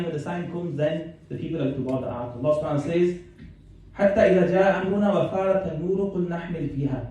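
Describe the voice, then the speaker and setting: In a community centre hall, a male Islamic scholar talks conversationally about religion, reciting verses and explaining their meaning. His voice is fairly high in pitch yet dark in tone. The mic is far off in the very echoey hall, picking up faint noise.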